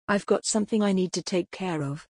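A woman voicing a rough-born male police inspector who talks bluntly and with threats, in a husky voice. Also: medium pitch, fairly quick, darkish tone, no room sound, clean studio sound, natural voice.

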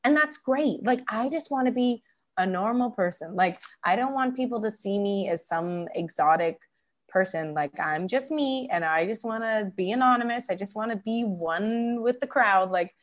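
A young woman from Canada in a casual interview, telling anecdotes and acting out exchanges in a raised voice. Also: moderate pace. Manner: animated storytelling, acts out quoted exchanges in a higher voice.

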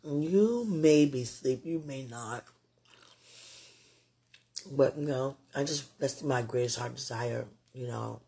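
Male vlogger, husky and breathy, tender and rambling, late-night heartfelt faith talk. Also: mid-range voice, slow, pauses often, dark tone. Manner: rambling and tender, full of "you know".

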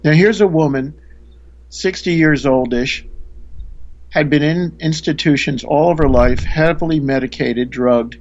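A man's voice: on the high side, measured pace, a little mellow, highs cut off. A man, a spiritual teacher, earnestly telling a story in a conversation, often restarting his sentences.

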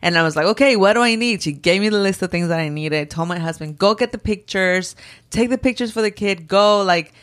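A woman in casual chat, telling a story in an animated way and acting out the people she quotes. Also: mid-range voice, brisk.

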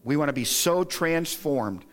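A man's voice: expressive, measured pace, fairly bright tone, soft background music. Earnest male pastor preaching. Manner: earnest and exhorting, lists points, rises in pitch to stress them. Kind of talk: sermon. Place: church sanctuary.

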